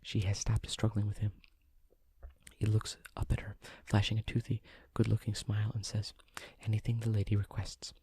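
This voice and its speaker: A man reading a novel aloud as a whispered role-play, in a hushed, even manner. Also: on the low side, moderate pace, breathy edge, dry recording. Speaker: audiobook reader.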